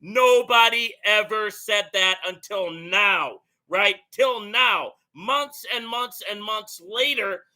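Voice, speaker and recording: A man with a very bright, sharp voice and a high pitch hosts a commentary video. He talks in an animated, emphatic way, pressing his points home and asking his audience "right?" again and again. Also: slow, few pauses. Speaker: host. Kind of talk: commentary on played clips.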